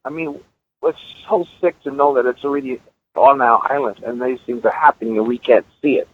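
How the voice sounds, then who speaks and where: A man's voice: mid-range voice, brisk, slight background noise. A middle-aged man, a guest musician, telling stories emphatically and repeating words as he builds his point, heard over a tinny line. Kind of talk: earnest storytelling in conversation.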